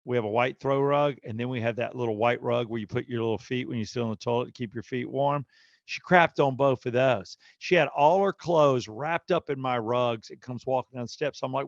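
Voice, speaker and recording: A middle-aged man with a gravelly, fry-edged voice tells a story on a podcast and slips into animated impressions of everyone in it. The recording is dry and slightly dull, close and without room sound. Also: medium pitch, a little fast, dry recording. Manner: animated storyteller, acting out quotes. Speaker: podcast co-host. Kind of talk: casual storytelling chat.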